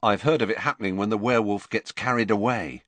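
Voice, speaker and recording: A man's voice: on the low side, fairly even intonation, fast, dry recording, close to an everyday voice. A man voicing a plaintive, grumbling teenage schoolboy in a storybook reading.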